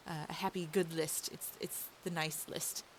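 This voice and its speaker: A woman's voice: low voice, little pitch movement, moderate pace. A woman streamer chatting casually with her audience, upbeat and rambling. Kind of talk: casual live stream chat. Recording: faint hiss.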